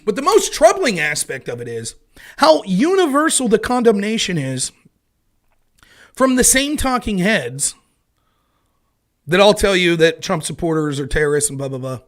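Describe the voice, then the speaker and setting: A man with a high, sing-song voice talks at normal speed with long pauses. Hosting a casual political commentary livestream, he's sarcastic and exasperated, mocking opponents in put-on voices and swearing freely.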